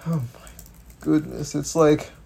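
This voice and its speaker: A man co-hosting a casual political commentary podcast, animated and swearing, with many stumbling restarts. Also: a little high, slow, vocal fry, breathy edge. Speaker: podcast co-host.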